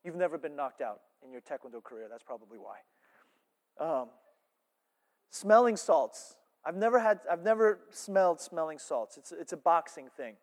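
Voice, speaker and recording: A male pastor preaching a sermon, animated, swinging between loud emphasis and hushed asides. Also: fairly high pitch, moderate pace. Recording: reverberant church hall.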